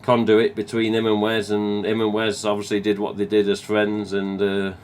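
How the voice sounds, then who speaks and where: A man's voice: lowish voice, completely flat delivery, moderate pace, a little mellow, clean tone. A man with an English Midlands accent hosting a live stream, chatting casually and reading viewer comments, rambling and swearing now and then. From England.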